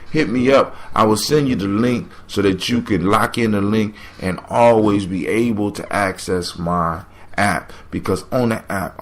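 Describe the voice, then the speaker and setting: A man hosting a podcast, giving motivational commentary on a folk tale with preachy, emphatic repetition. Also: fairly low pitch. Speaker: podcast host.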